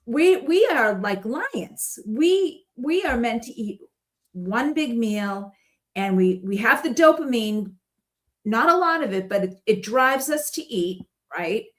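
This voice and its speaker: A woman guest telling stories in a casual chat, rambling and animated and laughing often. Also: a little high, takes it slowly.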